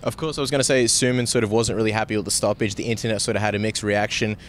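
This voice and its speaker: A man's voice: on the low side, flat delivery, rapid-fire, slight background noise. A man interviewing a fighter, asking questions in a casual, friendly way.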